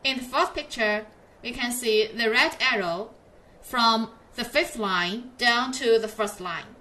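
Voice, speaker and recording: Woman, pinyin teacher, slow, patient, slightly high voice, models syllables to repeat. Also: sharp tone. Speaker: Chinese teacher. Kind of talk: pinyin lesson for learners.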